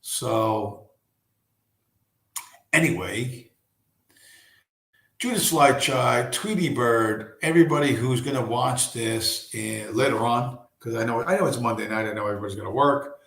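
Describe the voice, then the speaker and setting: Hoarse, rambling man in a roomy room. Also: mid-range voice, a little slow, long pauses, a bit bright. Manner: rambling and profane, with many restarts. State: hoarse, losing his voice. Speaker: livestream host. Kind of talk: casual late-night livestream chat. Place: at home.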